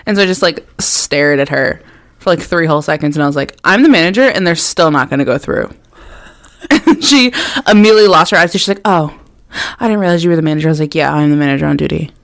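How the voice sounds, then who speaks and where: Woman, podcast co-host, quick gravelly delivery, laughing storyteller in casual chat. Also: sits low. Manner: fast, laughing, swearing storyteller.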